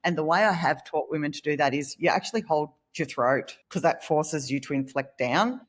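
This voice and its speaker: A woman with a low-pitched voice speaks as a workplace communication trainer in an interview. She tells her stories with animated acted-out quotes. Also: moderate pace. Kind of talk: conversational interview.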